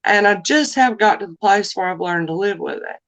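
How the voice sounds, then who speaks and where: A woman's voice: medium pitch, expressive, normal speed, rough recording. A middle-aged woman with a drawl hosts a loose live chat. She rambles, apologizes often and sounds emotional, the way someone talks when she wears her feelings openly. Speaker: live stream host.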